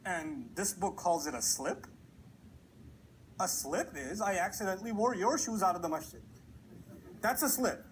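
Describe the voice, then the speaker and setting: A man's voice: high voice, moderate pace, rough recording. Man lecturing, storytelling, rhetorical questions, faint room noise. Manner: animated storytelling, rhetorical questions, acts out quotes. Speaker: preacher. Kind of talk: Quran commentary lecture. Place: lecture hall.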